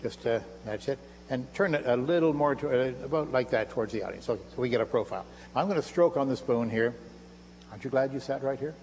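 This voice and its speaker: A man's voice: mid-range voice, fast, darkish tone. An older man giving a live stage lecture with magic demonstrations, in playful, self-mocking showman patter. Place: lecture hall stage before an audience. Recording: live hall recording with faint hum. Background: audience laughter.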